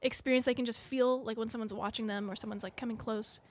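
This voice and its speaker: A woman co-hosting a casual podcast, telling a ghost story in an animated, halting way with many restarts. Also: on the high side, no room sound. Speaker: podcast co-host.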